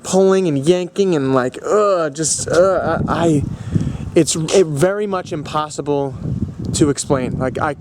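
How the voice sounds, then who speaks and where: A young man vlogging, telling a long personal story in a rambling way, full of fillers and restarts, with bursts of excitement. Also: a little high, a little hiss or hum. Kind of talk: casual storytelling vlog.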